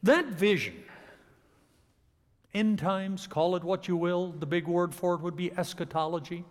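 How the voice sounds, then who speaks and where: In a church sanctuary with long reverb, a man serving as pastor opens with a prayer before preaching a sermon that grows more emphatic. He speaks at a measured pace in a high-pitched voice.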